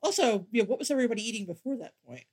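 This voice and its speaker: A woman's voice: fairly high pitch, animated, very fast, a little mellow, breathy edge. A woman co-hosting a podcast in casual chat, often repeating words while gathering her thoughts. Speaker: podcast co-host.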